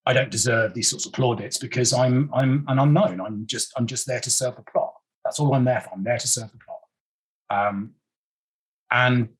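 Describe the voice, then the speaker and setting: A man with a very husky, raspy voice at a middle pitch talks as a podcast guest. He is earnest and emotional and often stumbles and repeats himself as he goes. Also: poor audio. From England. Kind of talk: casual interview talk.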